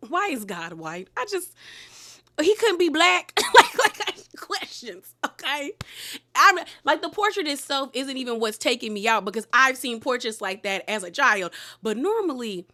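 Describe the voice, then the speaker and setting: A woman giving a casual, animated review of a reality TV episode, with laughing asides and some candid remarks dropped to a whisper. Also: high voice, moderate pace. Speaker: reality TV recap host.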